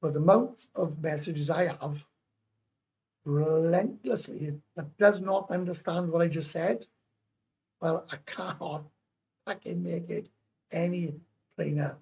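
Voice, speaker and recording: Gravelly, sweary Welsh man livestreaming. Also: a little high, unhurried, pauses often, a little mellow. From Wales. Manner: blunt, sweary, repeats himself, answers comments aloud. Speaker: livestream host. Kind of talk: casual livestream chat reading viewer comments. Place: indoors, living in Thailand.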